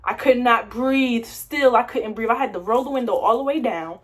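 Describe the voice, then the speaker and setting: A young woman telling a personal story to camera in a casual, slangy way. She acts out what she said, with louder, higher bursts. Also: normal speed. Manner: animated retelling, quoting herself in louder, higher bursts; slangy, conversational. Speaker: vlogger.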